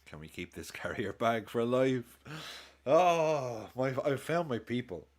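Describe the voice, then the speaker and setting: A man hosting a football watchalong, chatting excitably and swearing as he reacts live to the game and his chat. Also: mid-range voice, normal speed. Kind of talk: live match commentary and chat.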